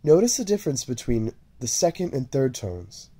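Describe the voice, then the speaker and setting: A man teaching a language lesson, speaking slowly and deliberately and repeating syllables over and over for the listener to copy. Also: medium pitch, big pitch swings, mellow, husky. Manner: drawn-out, repeated syllable drills. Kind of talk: slow, deliberate lesson narration.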